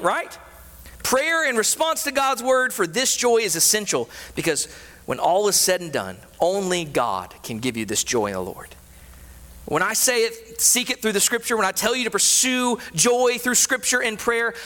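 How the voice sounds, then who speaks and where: A man preaching a sermon as a pastor, animated, with frequent rhetorical questions. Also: sits high. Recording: reverberant hall.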